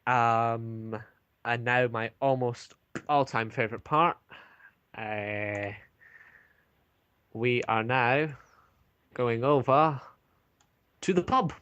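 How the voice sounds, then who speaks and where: A man's voice: medium pitch, extremely slow, pauses often, a bit bright, clean tone, dry recording, lo-fi sound. A man narrating an online tabletop game as game master, hesitant, with many ums and restarts.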